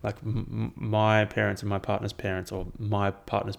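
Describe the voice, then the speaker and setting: A man's voice: on the low side, little pitch movement, normal speed, gravelly. A young man, rambling through casual, profane chat as a podcast host. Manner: rambling and profane, with frequent ums.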